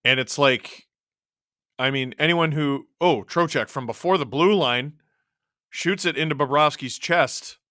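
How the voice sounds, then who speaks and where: On a live stream, a man calls a hockey game casually and chats, reacting to the game and his chat as things happen. His bright, forward-pushed voice has deepened from long hours of talking, and he speaks unhurriedly. The audio is close and dry, with no echo.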